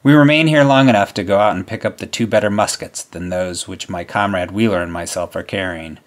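A man reading a wartime memoir aloud as solemn, measured narration, letting his voice drop at the ends of lines. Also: low voice. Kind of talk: scripted narration.

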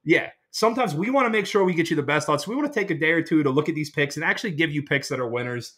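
A young man from Pittsburgh, fired up and excitable as he co-hosts a casual sports podcast. His voice sits a bit high and sounds bright and forceful. He rattles through his words at a quick clip. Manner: hyped and excitable. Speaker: podcast co-host.

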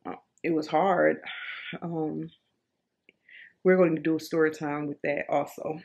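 A woman in her thirties telling a personal story in a casual vlog, animated and expressive, with many fillers and repeated words. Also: low-pitched, unhurried, lo-fi sound. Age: 30s. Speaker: vlogger.

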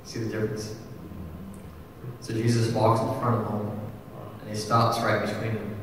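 A young adult man preaching a sermon in a casual, animated storytelling manner, full of asides. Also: on the low side, normal speed, slight background noise. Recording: echoey hall, far from the mic.

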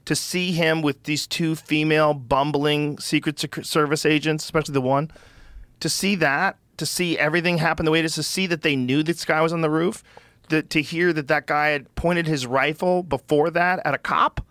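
A man hosting a podcast, talking in an animated, profane, incredulous way in casual conversation. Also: on the high side, normal speed, no echo. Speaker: podcast host.

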